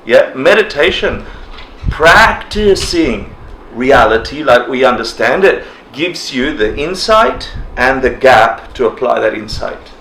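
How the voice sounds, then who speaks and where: A man leads a casual class in a roomy hall, his voice bright and forward. He laughs easily and acts out people's reactions in funny little voices. A faint hum of ambience sits under him. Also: mid-range voice, slow pace, creaky. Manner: animated, laughs often, acts out quoted reactions. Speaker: dharma teacher. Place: indoor class room.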